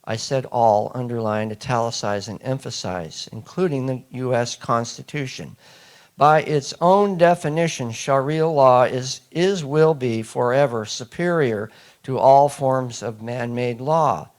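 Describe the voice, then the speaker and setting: Emphatic man lecturing an audience. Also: medium pitch. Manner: emphatic, asks the audience questions. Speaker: speaker addressing an audience. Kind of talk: public lecture.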